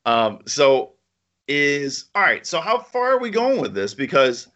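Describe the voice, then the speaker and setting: A man in a casual podcast chat who rambles eagerly from one thought to the next. His voice has a bright, sharp edge. Fillers pepper his talk, and the recording sounds dull and lo-fi. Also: on the high side, sing-song, measured pace. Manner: chatty, enthusiastic, with lots of "like" and "you know". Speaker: podcast co-host.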